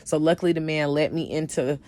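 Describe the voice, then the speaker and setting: A woman who sells cosmetics tells a storytime vlog, swearing heavily and swinging from loud outbursts to quiet, shaken admissions. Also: low voice, steady tone, a little fast, very noisy. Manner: emphatic, heavily profane storytelling. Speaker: cosmetics vendor.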